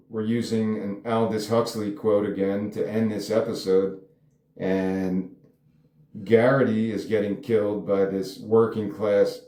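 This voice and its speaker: Brief: male writer, low-ish mellow voice, rambling and thinking out loud about his script, roomy echo. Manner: rambling, musing aloud with frequent hedges. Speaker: screenwriter discussing his script. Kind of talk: casual solo commentary. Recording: echoey room.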